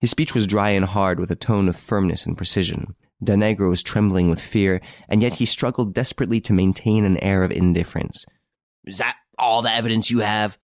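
A man narrating an audiobook of a crime story in a measured, steady reading. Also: low-pitched, creaky, no echo, studio quality. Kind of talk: scripted narration.

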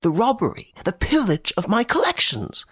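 A man voicing an anxious, wealthy old baron who pleads in a shrill, agitated voice in an audiobook. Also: very animated, moderate pace, dry recording, studio quality. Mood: alarmed. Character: anxious rich old male baron, frantic. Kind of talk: audiobook character voice.

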